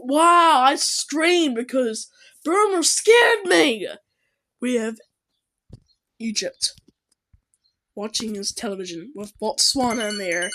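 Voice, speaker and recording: A young woman reacting to videos with excited commentary that breaks into shouts and shrieks. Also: a little high, slow, long pauses, over music, rough recording. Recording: loud background noise.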